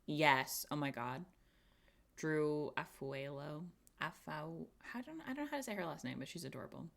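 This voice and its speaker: A woman's voice: deep voice, expressive, normal speed, gravelly, a bit bright. A young woman streamer chatting casually and giggling, talking to herself as she reads things out. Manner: chatty, giggly, talks to herself while reading. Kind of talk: casual chat.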